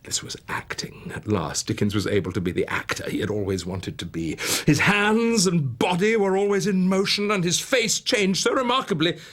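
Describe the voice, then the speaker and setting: A man narrating in a theatrical one-man storytelling style. His husky voice ranges widely, dropping into whispers and climbing to ringing exclamations. His voice sits slightly high for a man. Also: sing-song, normal speed, few pauses, a bit bright. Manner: dramatic, swinging from whispers to rising exclamations. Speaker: narrator and performer.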